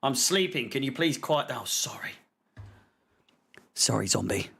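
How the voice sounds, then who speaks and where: A man hosting a fan channel's live watchalong, whispering hushed casual commentary on a football match with swearing and jokes. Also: mid-range voice, expressive, measured pace, creaky, slightly rough. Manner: swearing, joking banter.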